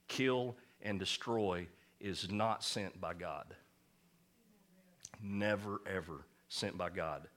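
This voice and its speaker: A pastor preaching to his congregation in a low, forceful voice, hammering points home with a folksy, joking edge. He leans on repetition and plain talk. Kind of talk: sermon.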